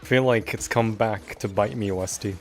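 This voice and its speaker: A young man streaming a game, talking casually and answering his chat in a relaxed, chatty way. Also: fairly low pitch, normal speed, soft background music. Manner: chatty, laid-back, talking back to chat between moves.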